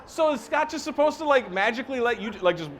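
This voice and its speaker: A man's voice: very high voice, lively intonation, fast talker, fairly bright tone. Male talk-show co-host, playful and needling, bouncy intonation. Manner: teasing, laughing banter. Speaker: podcast co-host. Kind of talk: casual chat. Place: live taping venue.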